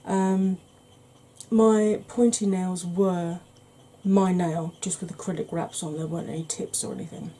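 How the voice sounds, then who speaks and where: A woman's voice: lowish voice, fairly even intonation, unhurried, dark tone. A woman hosting a makeup channel, chatting casually through a tutorial with rambling, self-deprecating asides.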